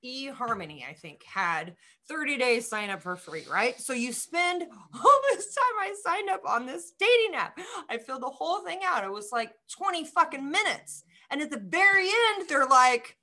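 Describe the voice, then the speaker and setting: A woman in her middle years co-hosts a casual podcast, her voice bright and forward. She tells candid, profane stories about dating and quotes people as she goes. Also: high voice, very animated, normal speed, hardly any pauses. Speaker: podcast co-host. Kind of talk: casual chat.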